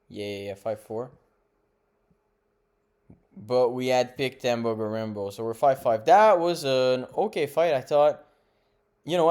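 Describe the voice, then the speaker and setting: A man's voice: medium pitch, a little mellow, clear, resonant tone. A young man hosting a casual fight recap, rambling, correcting himself and giving blunt opinions. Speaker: MMA podcast host.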